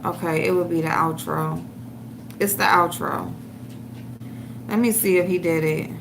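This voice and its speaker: A woman with a lowish, steady voice and vocal fry speaks at a measured pace against a noisy background. She's hosting a ranting commentary livestream, cursing heavily and mocking someone as she tracks down a clip for her viewers.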